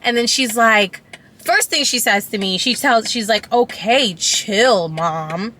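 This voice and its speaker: A woman's voice: fairly high pitch, moderate pace, pushed and bright, slight background noise. A woman vlogger telling a storytime in casual chat, rambling with many fillers and restarts, candid and emotional, now and then profane.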